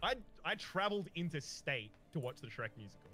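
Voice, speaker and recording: A man hosting a casual gaming chat, telling stories in an animated, rambling way. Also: a little high, fairly quick, loud music behind the voice. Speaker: host.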